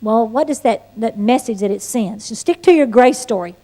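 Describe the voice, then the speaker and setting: A woman teaching an evangelism class, mixing sermon-style instruction with her own life story in a folksy, animated way. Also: on the high side, moderate pace. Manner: folksy and animated, with playful asides and shifts of tone. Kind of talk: sermon-like teaching with personal testimony.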